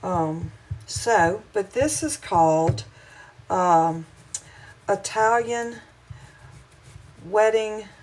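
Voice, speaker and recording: The audio is poor, with a little hiss or hum, as a middle-aged Southern American woman cooks and chats with viewers live from her home kitchen. Her voice is medium-pitched and a little mellow, homey and rambling, slightly wheezy from hay fever.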